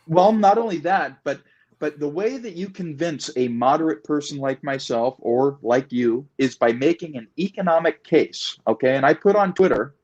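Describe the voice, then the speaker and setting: A man with a fairly high-pitched voice talks his way through a political discussion. He hammers points home by repeating them and lets his stories grow animated as he goes. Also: normal speed, highs cut off. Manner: emphatic, repetitive, animated storytelling. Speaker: guest. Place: Puget Sound area.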